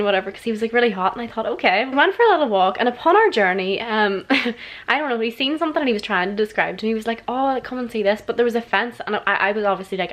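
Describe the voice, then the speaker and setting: A woman's voice: medium pitch, a bit bright. A young woman in her twenties, chatting casually through viewer questions in a rambling, laughing way, swearing now and then. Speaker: vlogger. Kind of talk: casual chat answering questions. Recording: roomy echo.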